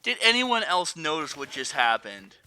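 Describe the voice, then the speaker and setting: A man streaming a shooter game, talking to his chat with profane, excitable outbursts and rambling explanations. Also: on the high side, moderate pace, smooth. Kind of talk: live gaming stream commentary to chat.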